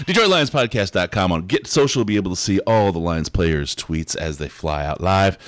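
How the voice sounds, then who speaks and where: Upbeat deep-voiced man hosting a podcast. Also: moderate pace, no room sound. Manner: upbeat, animated announcements. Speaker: podcast host. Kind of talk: live sports podcast.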